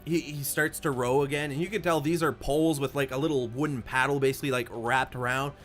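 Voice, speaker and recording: A man's voice: fast, soft background music. A man narrating as game master, hesitant and full of fillers. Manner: hesitant, filler-heavy, lively pitch.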